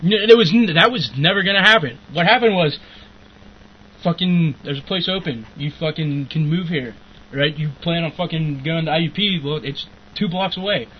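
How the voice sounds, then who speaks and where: A young man ranting profanely in a casual chat, rambling and breaking into angry shouting. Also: a little high, normal speed, breathy edge. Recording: muffled lo-fi recording with faint hiss.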